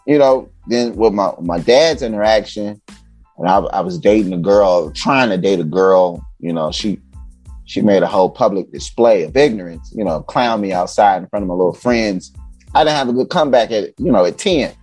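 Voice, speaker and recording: A man's voice: fairly low pitch, moderate pace, no echo, soft background music. A man from Chicago, a podcast guest, telling stories in casual chat and acting out the people in them. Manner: animated, acts out voices of people in his stories.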